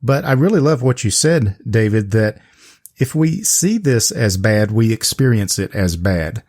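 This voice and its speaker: Low-voiced male interview host. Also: big pitch swings, measured pace, a little mellow. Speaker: podcast host. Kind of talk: interview hosting.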